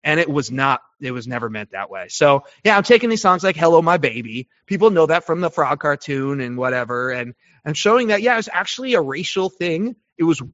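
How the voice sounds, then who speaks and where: A man's voice: fairly high pitch, sing-song, a little fast, hardly any pauses, fairly bright tone, no room sound. A man talking as a guest over a video call, blunt and profane, often restarting his sentences. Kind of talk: casual conversation. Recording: dull lo-fi call audio.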